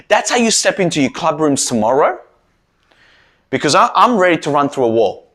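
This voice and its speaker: Man, motivational coach, husky bright voice, lively pitch, yells chants at his team. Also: normal speed. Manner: rousing, leads loud shouted chants. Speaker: mental performance coach.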